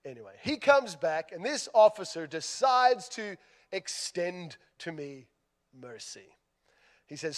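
In the middle of a sermon, an Australian man takes his time telling a comic, self-mocking anecdote. His voice is high, his manner spirited, and his volume shifts dramatically.

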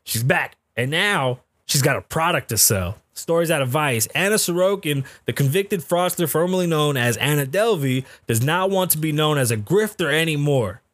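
A middle-aged man hosts a casual podcast, ranting bluntly and swearing constantly. His voice sits a little high for a man. The sound is close and dry, with no room echo. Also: expressive, moderate pace, hardly any pauses, fairly bright tone. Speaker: podcast host. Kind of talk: casual profane commentary.

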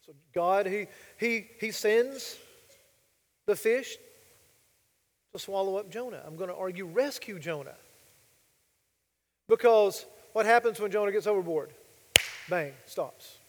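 A man's voice: high-pitched, unhurried, long pauses, in a large hall. A male pastor preaching a sermon, emphatic and full of rhetorical questions to the congregation.

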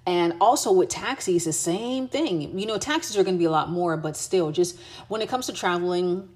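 A woman's voice: fairly low pitch, moderate pace, darkish tone. An American woman giving travel tips in a casual, chatty way, with many fillers and restarts. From United States. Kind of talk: casual advice chat.

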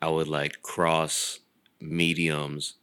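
A man's voice: extremely low pitch, level tone, drawn-out words, bright, forceful tone, clear, resonant tone. A man hosting a casual chat, laid-back and slangy, asking short questions and reacting.

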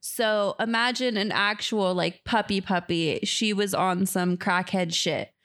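A woman of middling pitch co-hosting a podcast. She talks in a loose, easygoing way, dropping fillers and swear words as she explains things. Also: steady tone, unhurried, a bit bright. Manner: laid-back, profane, filler-heavy talk. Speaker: podcast co-host. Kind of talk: casual chat.

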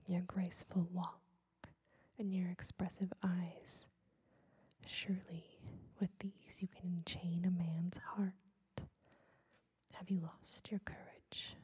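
A woman's voice: lowish voice, dark tone, breathy edge, heavily acted. A woman voicing a cruel, scheming sea witch in a whispered role-play, cold and mocking.

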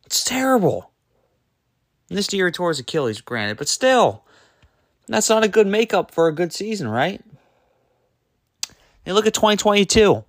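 A man hosting his own sports podcast, ranting in an exasperated, emphatic way, full of rhetorical questions and quick self-corrections. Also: high voice, big pitch swings, no room sound, studio quality. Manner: loose and rambling, trips over words and self-corrects. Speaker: podcast host. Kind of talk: solo sports podcast rant.

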